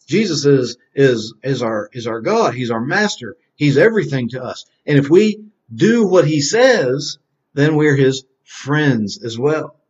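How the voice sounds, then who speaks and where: A man's voice: medium pitch, very animated. A man teaching a Bible lesson to children, quizzing them and repeating key phrases in call-and-response. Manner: quizzing, answering his own questions slowly; repetitive call-and-response drilling. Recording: dull lo-fi recording.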